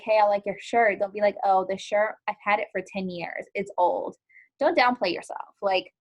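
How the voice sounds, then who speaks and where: A woman leads a live online lesson in a loose, conversational way. She fills her speech with ums and likes and keeps turning to the class with questions. Her voice sits at an ordinary middle pitch. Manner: chatty, lots of ums and likes, asks students questions. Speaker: teacher.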